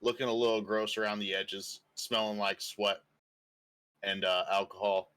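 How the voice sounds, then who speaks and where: A man's voice: on the low side, fairly even intonation, normal speed, fairly bright tone, clean tone. A man playing a tabletop game, describing things in a laid-back, casual way. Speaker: player.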